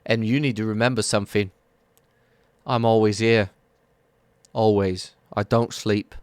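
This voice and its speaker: A man's voice: fairly low pitch, fairly even intonation, a little slow, no room sound, natural voice. A man voicing a grumpy, swearing male spirit that is bound to a skull. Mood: gruff. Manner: gruff and swearing.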